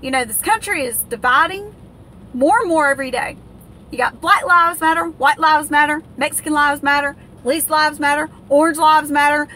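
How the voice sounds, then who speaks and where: A woman's voice: sits high, normal speed, bright, forceful tone, slight background noise. An American woman in an angry, indignant political rant, stumbling over fillers and restarts as she vents. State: livid. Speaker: political vlogger.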